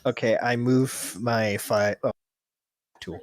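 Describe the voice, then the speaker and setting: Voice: mid-range voice, steady tone, slow, no room sound. A player at a tabletop game, casually working out a move and asking about the rules.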